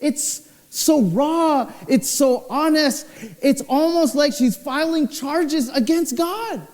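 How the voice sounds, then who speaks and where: A young man, a pastor, preaching a sermon with expressive storytelling, his voice swinging low and high. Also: slow. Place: church hall. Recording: church hall with long reverb.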